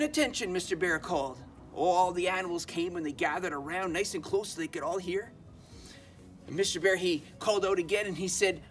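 A man hosting a children's church program, telling a story to kids in an animated way and asking them questions. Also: sits high. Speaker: children's ministry host.

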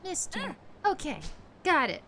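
A woman's voice: extremely high pitch, huge pitch swings, a little slow, noisy background. A woman giving casual, joking, swearing commentary while playing a video game. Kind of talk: casual let's-play commentary.

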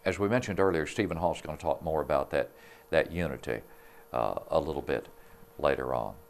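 Deep-voiced preacher guy, slow earnest bible talk on tv. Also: gravelly, slight background noise. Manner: earnest, measured Bible exposition. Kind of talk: devotional sermon.

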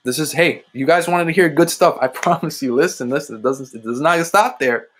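A young adult man sharing a personal faith testimony on a livestream, speaking emphatically and repeating phrases, with sudden rises in pitch. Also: a little fast, a bit bright. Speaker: ministry host giving testimony.

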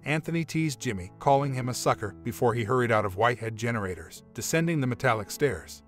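A man narrating a story script in a steady, measured way. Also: medium pitch. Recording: faint music behind.

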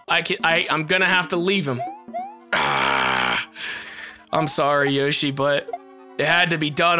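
A young woman giving live commentary on her gameplay, excitable and swearing often as she yells at the game. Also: fairly low pitch. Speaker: gaming video host.

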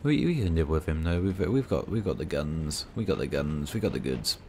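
Man, very deep voice, rambling gameplay commentary, self-mocking, dry humour, faint background hiss. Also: expressive, normal speed, mellow. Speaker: gaming video creator.

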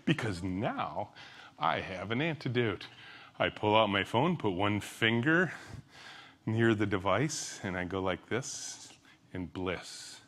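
A middle-aged man, a company CEO, giving a conference keynote. He tells stories animatedly, jumping between loud exclamations and hushed asides. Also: lowish voice, lively intonation, takes it slowly. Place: conference stage.

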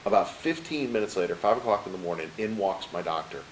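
Man, middle-aged, lowish voice, animated storyteller, acts out dialogue, interview guest, faint hiss. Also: fast talker, low-quality recording. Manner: peppers his story with "right?" to the host. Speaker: interview guest, motivational speaker.

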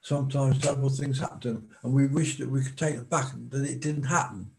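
Slow, mellow-voiced male preacher. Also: mid-range voice, steady tone, vocal fry, rough recording. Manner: slow, deliberate preaching with emphatic pauses. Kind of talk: sermon.

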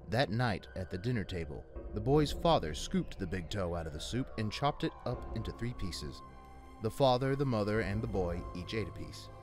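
A man with a deep, low voice narrates a scary story. He builds suspense as he tells it. Music plays clearly under him. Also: expressive, normal speed. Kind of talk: scripted spooky storytelling.

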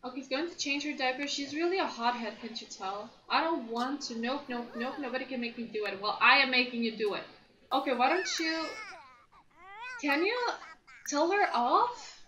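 A young woman casually commentating a life-sim game, chatty and excitable, gushing over what happens on screen. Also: high-pitched, moderate pace, muffled recording. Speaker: gameplay commentator. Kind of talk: casual let's-play commentary. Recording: roomy echo.

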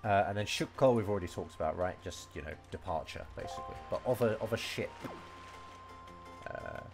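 A man's voice: low-pitched, fairly quick, music in the background. A man teaching Japanese vocabulary and grammar in a casual, rambling way, full of fillers and restarts. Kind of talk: casual game-based language lesson.

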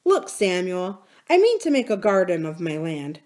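Brief: woman reading a quiet, troubled young man, earnest and confiding. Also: high-pitched, huge pitch swings, moderate pace.

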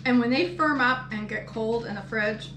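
A woman's voice: on the high side, moderate pace, roomy sound, noisy background. A woman with a Maine accent, a home cooking host chatting casually with her viewers by name. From Maine, United States. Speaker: cooking show host and health coach. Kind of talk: casual live cooking chat. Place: home kitchen.

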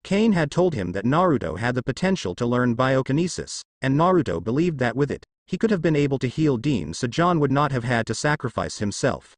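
A man narrating fan fiction in a plain, steady read-aloud manner. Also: mid-range voice, fairly quick, hardly any pauses, no echo.

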